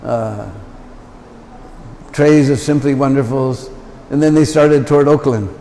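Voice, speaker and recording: A man's voice: medium pitch, unhurried, mellow. A man giving a temple lecture full of anecdotes, with chatty asides to the listeners. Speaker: visiting lecturer. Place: large temple hall. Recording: long temple hall reverb.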